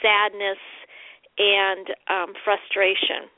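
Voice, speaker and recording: A woman guest on a radio interview, earnest and halting with lots of fillers and restarts, heard over the phone. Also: mid-range voice, completely flat delivery. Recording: tinny phone line, dry.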